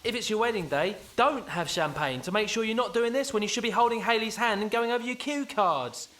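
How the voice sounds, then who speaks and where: A man's voice: fairly high pitch, unhurried, fairly bright tone. An actor playing an awkward, rambling young Englishman at a wedding, talking in hesitant stammers and nervous laughs. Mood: urging. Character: awkward rambling man at a wedding, fumbling and overeager. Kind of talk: radio comedy monologue.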